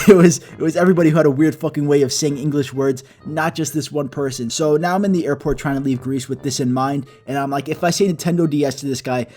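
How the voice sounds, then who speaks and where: Young man, comedic storyteller, cursing, animated, fairly high voice, soft music behind. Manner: profane, animated, self-mocking. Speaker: storytime video narrator. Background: soft background music.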